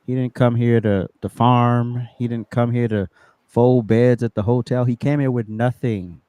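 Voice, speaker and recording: A man's voice: mid-range voice, fairly even intonation, measured pace, mellow, clear, resonant tone, dry recording. A man co-hosting a podcast, talking bluntly and chiming in with short affirmations. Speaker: podcast co-host. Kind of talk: casual opinionated chat.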